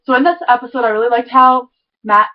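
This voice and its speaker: A woman giving an excitable, rambling recap of a TV episode, full of "like" and tangents. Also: a little high, fast talker, dull audio. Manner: excitable, rambling, heavy use of "like". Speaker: TV episode reviewer. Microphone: camera mic.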